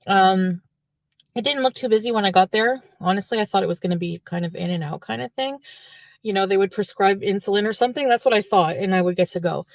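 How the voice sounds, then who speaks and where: A woman's voice: mid-range voice, fast talker, no echo. A woman from French Canada telling a long, rambling personal story in a chatty vlog style.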